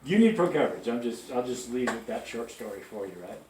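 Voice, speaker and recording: A man's voice: medium pitch, big pitch swings, fast, darkish tone, slight background noise. A man speaking to new staff in a large music store, telling chatty stories and checking in with his listeners. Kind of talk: storytelling pep talk to a group. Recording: echoey store, from far off.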